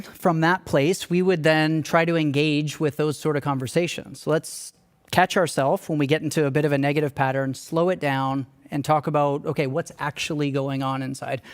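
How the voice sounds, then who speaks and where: A young man with a voice pitched a little above most men's. He speaks from a church stage as a staff speaker, telling a personal story in an earnest, candid and conversational way. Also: fairly even intonation, moderate pace, clean tone.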